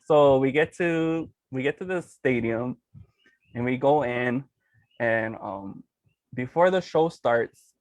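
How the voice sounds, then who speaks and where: Guest: excitable man, laughs a lot, dry close sound. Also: medium pitch, takes it slowly, no echo, lo-fi sound. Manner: excitable, laughs often, acts out quotes. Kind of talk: animated storytelling.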